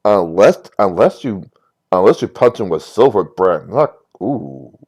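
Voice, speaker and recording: A male player chats casually between game moments and cracks jokes. He has a low voice with a lively up-and-down pitch. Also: a little slow. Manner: laughing, joking asides. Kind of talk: casual chat.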